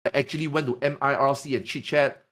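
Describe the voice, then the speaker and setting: A man from Singapore in casual podcast chat, telling stories in an animated, profane, emphatic way. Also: mid-range voice, fast.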